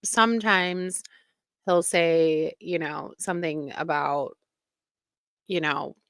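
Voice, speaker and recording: A woman's voice: sits low, steady tone, slow pace, clean tone, dry recording. A woman hosting a casual commentary show, talking in an indignant, emphatic way. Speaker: commentary host.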